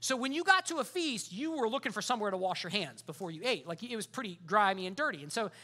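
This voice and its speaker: A man's voice: sits high, big pitch swings, quick pace, pushed and bright. A man preaching a sermon as pastor, in a casual, conversational way full of fillers.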